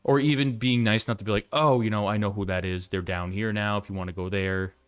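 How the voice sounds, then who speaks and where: A man's voice: lowish voice, fairly even intonation, quick pace, clear, resonant tone, dry recording, faint music behind. A young man co-hosting a podcast, giving laid-back advice in casual chat. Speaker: podcast co-host.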